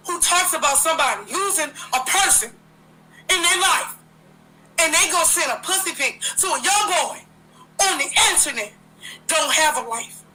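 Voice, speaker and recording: Woman host, very high bright voice, fiery profane livestream rant. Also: a little hiss or hum, poor audio. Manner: profane, confrontational, repetitive.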